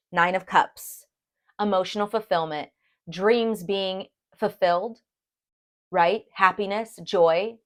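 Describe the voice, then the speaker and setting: A woman giving a casual tarot reading to her viewers, chatty and animated, checking in with them often. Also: medium pitch. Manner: chatty and animated, addresses viewers as "you guys", frequent "okay?". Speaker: tarot reader.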